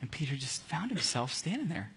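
A man leading a casual Bible study, animated and jokey, acting out scenes as he reads. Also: medium pitch, brisk, breathy edge.

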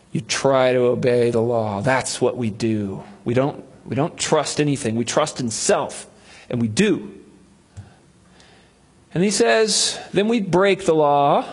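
Guy preaching, kinda husky, a bit high voice, jokey storyteller who does little voices. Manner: storytelling, acts out voices of biblical figures with humor. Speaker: pastor. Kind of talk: sermon.

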